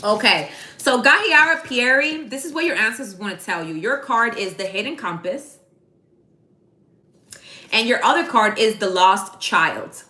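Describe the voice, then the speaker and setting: A woman's voice: fairly high pitch, expressive, unhurried, bright, forceful tone. A woman giving a casual live tarot reading, chatty and slangy, speaking straight to her viewers by name. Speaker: tarot card reader. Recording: echoey room.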